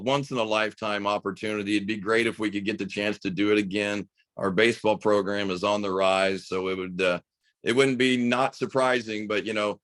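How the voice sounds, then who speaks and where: A middle-aged man from the United States, a high school basketball coach and radio broadcaster, telling a story with enthusiasm in a podcast interview. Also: a bit bright, no echo.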